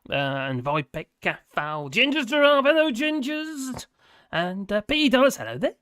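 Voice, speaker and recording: A man's voice: very high voice, sing-song, a little slow, bright, forceful tone, smooth. A man hosting a live stream, chatting casually with a rambling, chuckling, sarcastic manner.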